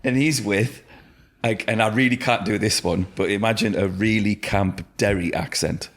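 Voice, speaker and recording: A man's voice: fairly low pitch, steady tone, normal speed. A man co-hosting a casual chat, recovering from illness and partly deaf, telling an easygoing story with chuckles. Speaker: podcast co-host. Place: indoor room with co-hosts.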